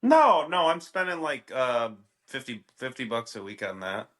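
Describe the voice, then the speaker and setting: Guy on a podcast, loose and casual, bright edgy voice. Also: mid-range voice, sing-song, moderate pace. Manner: casual, filler-heavy. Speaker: podcast host.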